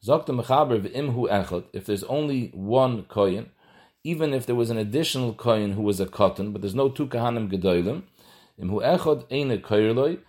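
A man's voice: medium pitch, darkish tone. A man giving a halachic lesson, explaining step by step. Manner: explanatory, mixes Hebrew and Yiddish terms into English. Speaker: Torah teacher.

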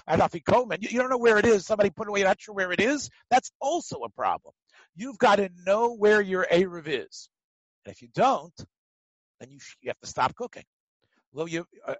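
A man teaches a Torah class in a high, very lively voice that swoops up and down. He acts out little scenes and laughs as he explains. The sound is dry and close. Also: dry recording, poor audio. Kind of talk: Talmud class lecture.

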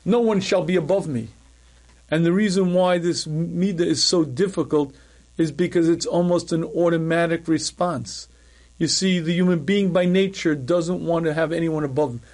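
A middle-aged man, a rabbi, teaching a class in a measured, emphatic way, repeating key phrases and often clearing his throat. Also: a little high, fairly even intonation, darkish tone. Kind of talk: recorded Torah lecture.

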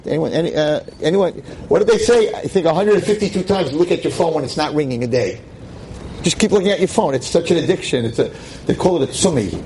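A man teaching a lively class to a seated audience as a rabbi, emphatic and exclamatory. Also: fast talker, a little hiss or hum, rough recording. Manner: emphatic, exclamatory, with sudden swings in pitch.

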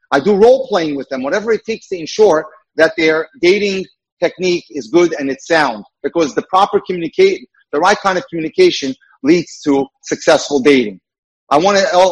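A man's voice: on the high side, slightly rough, low-quality recording. A man giving a lecture-style talk as a dating mentor, earnest and emphatic, repeating his key points.

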